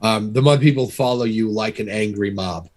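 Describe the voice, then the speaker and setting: A man's voice: lowish voice, moderate pace. A man narrating as game master, talking loosely with many restarts and fillers. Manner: relaxed, filler-heavy narration with frequent restarts.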